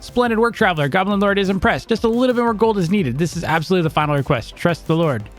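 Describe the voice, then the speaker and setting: A scheming goblin lord with a grandiose, wheedling way of asking for just a little more gold, as a man reads his game lines aloud. The voice sits a touch high, with faint music behind. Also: animated, quick pace. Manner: grandiose, wheedling, reading out quest dialogue.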